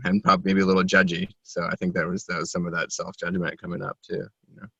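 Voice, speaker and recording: A man with a low voice speaks reflectively in a coaching session, pausing and searching for words. The recording is dry and dull, with a lo-fi edge. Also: flat delivery, creaky, husky, no echo. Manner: introspective, searching for words, soft laughs. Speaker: coaching client. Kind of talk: reflective conversation.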